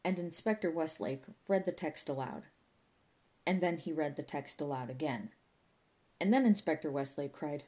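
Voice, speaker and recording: A woman reads a comic novel aloud in a dry, deadpan manner. Her voice is low-pitched and steady, letting the absurd details land without fuss. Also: moderate pace, husky. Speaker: narrator. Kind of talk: audiobook narration of a comic novel.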